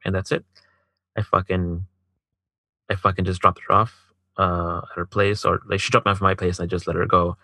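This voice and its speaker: Deep-voiced man telling a story. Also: little pitch movement, brisk, pauses often, pushed and bright, dry recording. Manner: profane, heavy use of filler "like"; acts out quoted dialogue. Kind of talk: casual storytelling chat.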